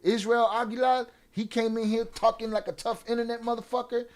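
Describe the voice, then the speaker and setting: A man's voice: very high-pitched, flat delivery, fairly quick. A young adult man hosting a livestream, ranting profanely at commenters and mixing in Spanish slang. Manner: profane, confrontational, talking back to chat. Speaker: livestream host. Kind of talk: casual livestream rant.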